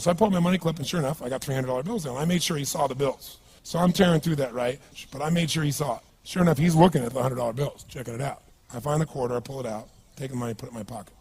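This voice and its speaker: A man's voice: a little high, a little hiss or hum. A man speaking as a motivational speaker at a live seminar, emphatic and punchy, often asking the audience questions.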